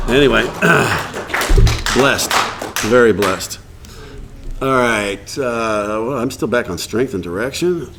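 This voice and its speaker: A man in his fifties talks to a meeting crowd in an easygoing, candid way, with blunt humor and no polish. His pitch sits in an ordinary middle range, and a faint hiss runs underneath. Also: animated, slow, long pauses. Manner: acts out quoted dialogue. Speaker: recovery meeting speaker. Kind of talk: casual storytelling talk to an audience.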